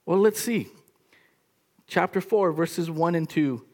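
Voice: medium pitch, takes it slowly, darkish tone. A pastor preaching a sermon in a casual, conversational way, with many "like" fillers and restarts.

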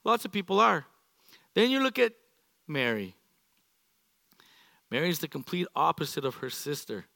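A middle-aged man preaching a sermon to a congregation, animated and playful, acting out everyday examples. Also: a little high, normal speed, vocal fry, pauses often, no echo. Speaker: pastor. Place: church sanctuary.

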